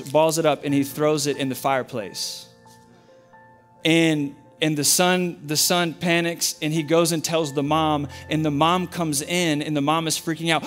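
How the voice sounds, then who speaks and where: A male pastor preaching a sermon in a church, telling a story in an earnest, emphatic way with much repetition. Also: a little high.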